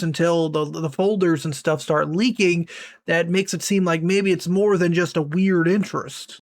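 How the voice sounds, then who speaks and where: A man giving casual online drama commentary in a wry, rambling way, full of fillers. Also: fairly high pitch.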